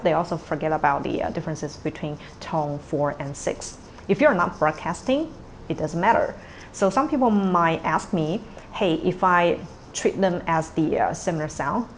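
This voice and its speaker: A woman's voice: on the low side, a little hiss or hum. A woman teaching a pronunciation lesson, explaining patiently step by step with frequent "okay" and "uh". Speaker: language teacher.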